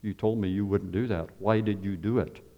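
A man's voice: lowish voice, steady tone, fairly quick, dull audio, natural voice. A man voicing a wary frog from a fable, suspicious and hesitant in his replies. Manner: suspicious, then reluctantly gives in. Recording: long hall reverb.

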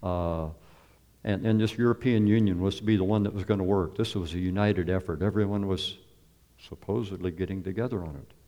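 A man with a very low, dark voice delivers an earnest sermon, repeating himself and posing rhetorical questions to his listeners. A long reverb trails behind each phrase, as in a large hall. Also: fairly even intonation, a little fast. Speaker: preacher.

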